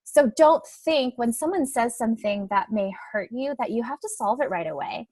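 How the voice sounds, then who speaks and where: A woman's voice: on the high side, normal speed, hardly any pauses, darkish tone, no room sound. A young adult woman coach giving a webinar talk in a conversational way, often tagging her points with "right?" and "like". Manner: conversational, frequent "right?" and "like" tags.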